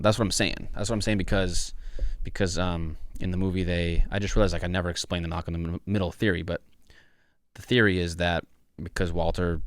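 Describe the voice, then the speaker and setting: A young man hosting a casual podcast, loose and excitable, swearing freely and laughing often. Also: deep voice, dry recording, studio quality. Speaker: podcast host. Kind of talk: casual solo podcast chat.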